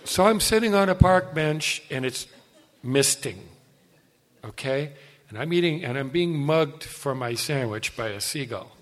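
Older male speaker sharing his testimony; animated, self-mocking storyteller who talks straight to the crowd. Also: fairly high pitch, measured pace. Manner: animated, self-deprecating, asides to the audience. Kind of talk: personal storytelling talk.

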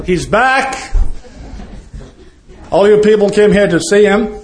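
High-voiced man telling a joke. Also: animated, measured pace, long pauses, a crowd in the background, noisy background. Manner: chuckles often while telling. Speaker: meeting host.

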